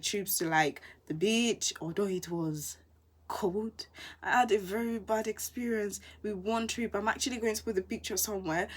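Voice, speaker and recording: Breathy young woman, chatty vlogger. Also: mid-range voice. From England. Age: young adult. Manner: animated storytelling, lively quoted asides. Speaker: university student vlogger. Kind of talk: casual vlog chat.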